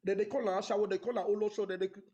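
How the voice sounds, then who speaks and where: A man with a Nigerian accent calling in, halting and stammering, mixing in Pidgin. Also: high-pitched, level tone, mellow, dull audio. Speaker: caller.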